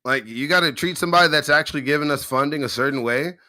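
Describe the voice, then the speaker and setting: A man in a casual streamed chat, animated and often saying "like". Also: a little high, fast talker. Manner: animated, says "like" a lot.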